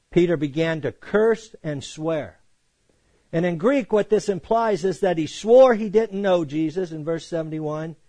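Man, high-pitched voice, pastor teaching the Bible, emphatic, conversational, dry close recording. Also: dry recording. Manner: emphatic, conversational, animated quoting of scripture.

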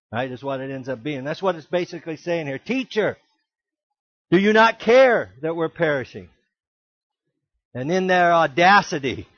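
A man preaching a sermon as pastor, emphatic, with rhetorical questions and sudden loud exclamations. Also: on the high side, dry recording, lo-fi sound.

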